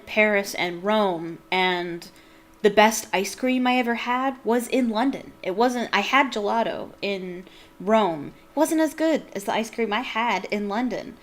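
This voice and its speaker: A woman's voice: mid-range voice, a bit bright. A woman streamer giving chatty, enthusiastic commentary while playing a game, with rambling asides. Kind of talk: casual gameplay commentary.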